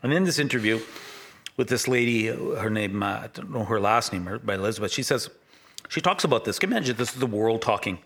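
A middle-aged male pastor delivering a sermon with a bright, forceful tone. He rambles and corrects himself mid-sentence, chatting with the congregation as he goes. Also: on the low side, lively intonation, fast. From Canada. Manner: rambling, self-correcting, conversational.

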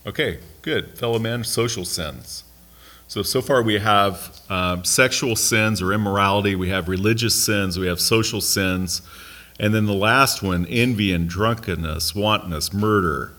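A man's voice: lowish voice, unhurried, pushed and bright. An American man leading a Bible study class in a conversational way, asking the group questions and making light asides. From United States.

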